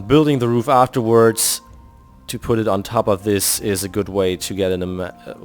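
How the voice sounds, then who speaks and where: German-accented man thinking aloud, lower voice. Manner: thinking aloud, explaining step by step. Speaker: video game builder host. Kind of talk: casual commentary while building in a game. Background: faint background music.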